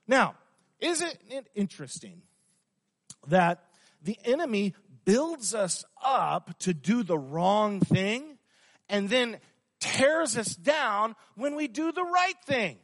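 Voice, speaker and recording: Male pastor, sermon, high lively voice, slow emphatic delivery, rhetorical questions, long hall reverb. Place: church.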